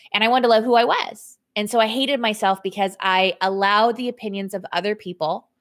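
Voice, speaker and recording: This is a mid-pitched female voice with a slight brightness. She's a fitness coach on a relaxed home livestream, speaking frankly to her audience, reading and thanking them for their comments, with frequent laughter and a voice that rises and dips.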